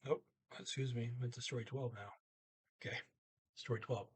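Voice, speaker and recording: A man's voice: mid-range voice, steady tone, normal speed, slightly rough. A man teaching a language lesson, thinking aloud with many fillers and restarts, speaking.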